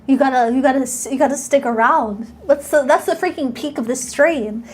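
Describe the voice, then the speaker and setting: High-voiced bubbly woman streamer. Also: a little fast, breathy edge. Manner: bubbly, playful, reads and thanks chat, sometimes squeals. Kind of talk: casual live-stream chat.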